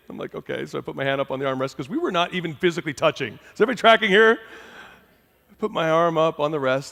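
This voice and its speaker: Middle-aged male speaker, slightly high voice, animated storyteller, live talk in a reverberant hall. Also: very fast, creaky. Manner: conversational, animated, asks the crowd questions. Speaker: motivational speaker.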